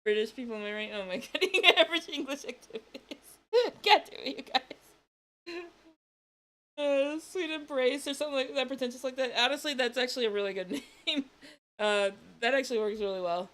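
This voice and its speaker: A woman with a bright, forceful voice, talking casually as a streamer reacts to a video. She laughs often, swears freely and lets out quick exclamations between her remarks. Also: high voice.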